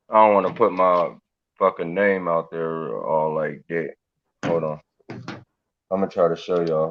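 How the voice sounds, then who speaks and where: A man's voice: deep voice, muffled recording. A man who is a guest in a casual online group chat, rambling and distracted, with many fillers.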